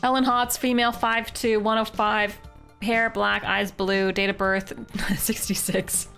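A woman's voice: medium pitch, level tone, measured pace, gravelly, fairly bright tone, clear, resonant tone, faint music behind. Playful woman streaming a game. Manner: playful, reads game text aloud with jokes and laughs. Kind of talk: casual game livestream commentary.

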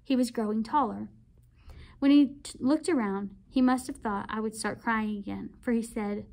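A woman reads a novel aloud for her read-aloud channel. Her delivery is expressive and measured. Her voice sits fairly high. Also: creaky.

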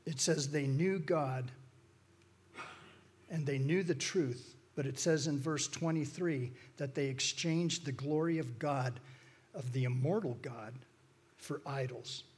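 Guest speaker, male, husky, folksy and rambling storyteller. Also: a little high, slow pace, a little mellow. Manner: folksy, rambling, frequent restarts and fillers. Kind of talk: informal church talk with storytelling.

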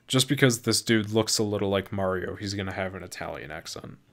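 A man's voice: on the low side, fairly quick, vocal fry. Young man cursing through game commentary. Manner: profane, reads dialogue aloud in put-on voices. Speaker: gaming YouTuber. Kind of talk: casual playthrough commentary. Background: loud game music.

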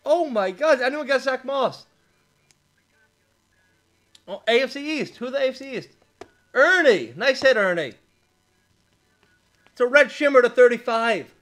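A man hosting a live card break, reading out player names and shouting with excitement over big pulls. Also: very high voice, measured pace, pauses often. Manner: reads out player names one by one. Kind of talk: live card-opening stream.

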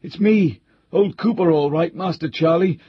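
A man's voice: a little high, moderate pace, husky, no room sound, dull audio, voice pushed up. A man doing a fretful old butler. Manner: raised, fretful old man's voice in country dialect. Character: old male butler, rustic, superstitious, anxious.

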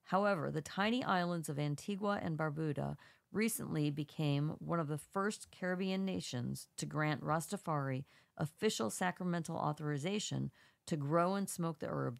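A woman's voice: low voice, vocal fry, dry recording. A woman co-hosting a podcast with a congested voice, reading an article aloud with small stumbles and brief asides. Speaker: podcast co-host.

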